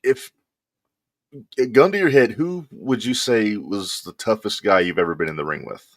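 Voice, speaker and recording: A man co-hosting a casual podcast interview, asking the guest questions in a relaxed way. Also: fairly low pitch, moderate pace, no room sound, studio quality. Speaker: podcast co-host.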